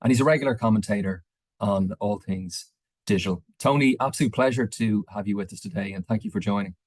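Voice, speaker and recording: Quick, low-voiced male webinar host. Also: a little mellow, no room sound. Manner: conversational, hedging with "kind of" and "I suppose". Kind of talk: interviewing a guest. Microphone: video call.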